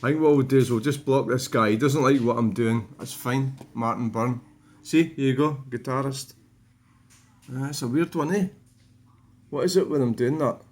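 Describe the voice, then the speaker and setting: A man talks through updates on his own channel in a loose, digressive way, tossing in dry asides as he goes. His pitch sits in an ordinary middle range. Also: moderate pace, darkish tone. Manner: rambling, wry, digressive. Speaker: vlogger. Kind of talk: casual commentary on own channel.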